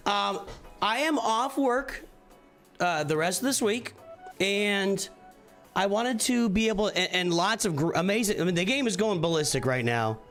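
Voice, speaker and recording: A man's voice: high voice, expressive, measured pace, fairly bright tone, faint music behind. A middle-aged man hosting a casual morning live stream, rambling and often restarting his sentences as he thinks aloud. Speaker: streamer and channel host.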